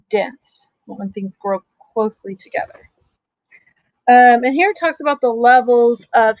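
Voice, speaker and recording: Gentle teacher woman reading aloud. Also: on the high side, dry recording, highs cut off. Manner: gentle, explains slowly with simple asides. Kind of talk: reading a picture book aloud to young students.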